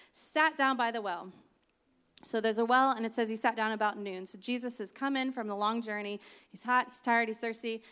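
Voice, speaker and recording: A woman's voice: on the high side, a bit bright, clean tone. A woman preaching a sermon, reading scripture aloud with chatty, laughing asides.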